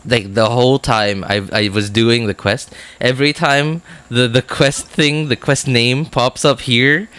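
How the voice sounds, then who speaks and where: Measured and smooth, this gamer's medium-pitched voice stays fairly even, slightly bright, with few pauses. He rambles casually while streaming, stuffing his talk with fillers and often cracking himself up.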